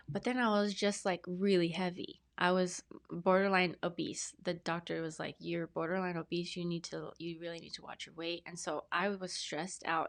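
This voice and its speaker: Earnest, rambling woman with a lowish voice. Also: gravelly. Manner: earnest, rambling, many fillers and restarts. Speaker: podcast guest, brand specialist. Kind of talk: casual interview storytelling.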